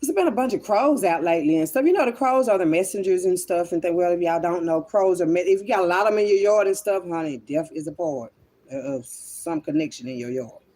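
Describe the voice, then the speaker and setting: A woman's voice: on the low side, animated, brisk, dark tone. A woman rambles to her online viewers in a loose, unscripted monologue. She is blunt and swears freely, calling her listeners child and honey as she talks. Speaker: online spiritual reader. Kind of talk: casual livestream monologue.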